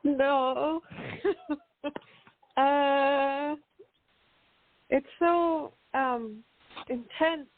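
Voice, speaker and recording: A woman with a high voice speaks very slowly and hesitantly. Her voice is dry and tinny, as if heard over a phone line. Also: steady tone, no room sound. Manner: hesitant, halting. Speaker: poetry show participant. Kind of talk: casual chat.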